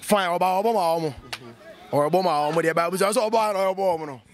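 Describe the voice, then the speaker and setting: A man with a Ghanaian accent, an amateur footballer, boasts about his team with animated energy. His voice is high and he talks quickly.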